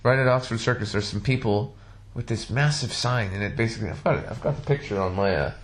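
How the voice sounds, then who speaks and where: A man hosting a casual podcast, telling stories in a profane, animated way. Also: fairly low pitch, fast talker, a little hiss or hum. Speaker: podcast host.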